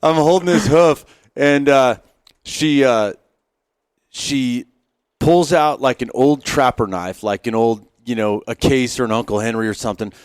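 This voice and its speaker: A man's voice: mid-range voice, fairly even intonation, a little slow, clean tone, dry recording, clean studio sound. A middle-aged man, a former Marine, telling self-deprecating anecdotes in a casual interview, often restarting his sentences. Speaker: podcast guest, former Marine sniper. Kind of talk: casual storytelling. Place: on a wilderness hunting trip.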